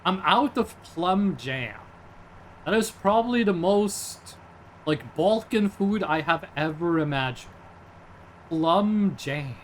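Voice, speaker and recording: A man's voice: high-pitched, animated, slow, a little hiss or hum. A young man, streaming casually in a rambling, jokey way and answering chat. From Norway.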